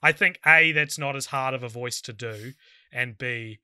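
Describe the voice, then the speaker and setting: A man with a medium-pitched, bright, pushed voice talks at a moderate pace, his tone clear and resonant in a dry, studio-quality recording. He's co-hosting a podcast, chatting casually and jokingly teasing his co-host.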